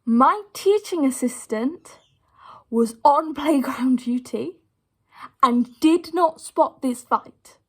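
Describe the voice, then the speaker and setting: Young woman, slightly high voice, chatty storytime vlog, lots of "like" fillers, speaks straight to viewers. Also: slow. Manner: chatty retelling full of "like" fillers; talks to viewers directly. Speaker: vlogger.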